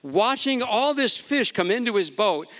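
Bright-voiced male preacher in a reverberant hall. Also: sing-song, measured pace. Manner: storytelling preacher, acts out quotes with big pitch swings. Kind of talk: sermon.

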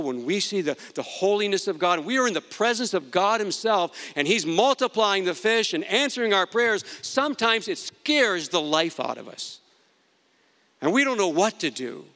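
A man's voice: lively intonation, normal speed, a bit bright. A man preaching a sermon, telling a story and acting out the quoted words with sweeping rises and drops. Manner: storytelling preacher, acts out quotes with big pitch swings. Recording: long reverb of a hall.

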